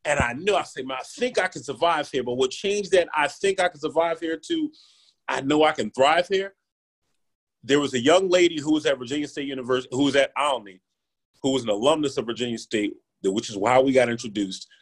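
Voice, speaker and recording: Husky animated man. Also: medium pitch, a little fast. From Philadelphia, USA. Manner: animated, keeps asking "right?", acts out quotes. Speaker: podcast guest. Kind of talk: casual interview storytelling.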